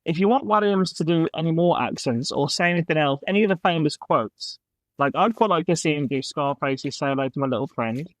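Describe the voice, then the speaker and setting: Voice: mid-range voice, fairly quick, no room sound. A podcast co-host in a playful, teasing casual chat about tasting snacks.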